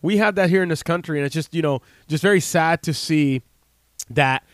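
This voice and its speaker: Earnest, rambling man with smooth voice. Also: a little high, moderate pace, no echo, studio quality. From United States. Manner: rambling, heartfelt, heavy with fillers and restarts. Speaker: health practitioner speaking to camera. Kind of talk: casual unscripted monologue.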